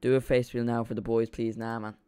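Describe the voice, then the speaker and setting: A young man with an Irish accent, talking casually over a live football match. He rambles from one thought to the next and gets excitable when the play catches his eye. His pitch sits in an ordinary middle range. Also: quick pace, clean tone. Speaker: streamer. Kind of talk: live football watch-along chat.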